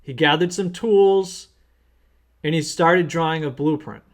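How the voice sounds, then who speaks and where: An accountant teaches small business owners by telling an earnest, plain-spoken story. His voice sits a little high, and he speaks at a measured pace.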